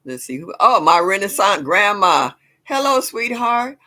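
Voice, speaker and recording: An older woman with a drawl talks casually to her live-stream viewers. Her voice is bright and clear, sitting at a middling pitch. She laughs a lot and swings up high when she greets people by name. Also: big pitch swings, unhurried, soft background music. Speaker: livestream host.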